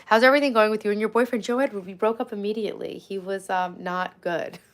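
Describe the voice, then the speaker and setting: A woman's voice: mid-range voice, steady tone, fast. Woman, forties, casual livestream host, chatty and friendly with viewers, home setup. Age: 40s. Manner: chatty, thanks viewers by name.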